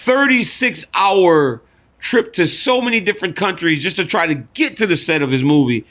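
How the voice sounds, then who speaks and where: A man from Louisiana, a guest in an interview, telling animated stories and often laughing. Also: high-pitched, normal speed. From Louisiana, USA. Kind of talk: casual chat, storytelling.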